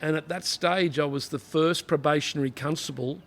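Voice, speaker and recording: A man's voice: on the high side, steady tone, moderate pace. A middle-aged man with an Australian accent, a former police officer telling rambling anecdotes in a casual interview, full of "you know" asides.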